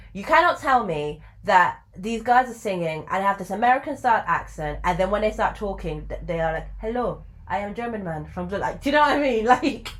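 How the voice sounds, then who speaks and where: A woman telling a story to camera in a casual, chatty way, full of fillers and asides, her pitch jumping up for emphasis. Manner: chatty and animated, with sudden jumps in pitch for emphasis. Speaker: video creator.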